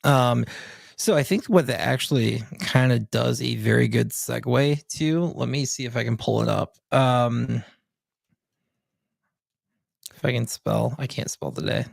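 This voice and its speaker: A man co-hosting a podcast in relaxed, self-deprecating chat. His voice is very gravelly and a bit husky, in a middle pitch. The sound is dry and close, with no room echo. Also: normal speed. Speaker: podcast co-host. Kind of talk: casual chat.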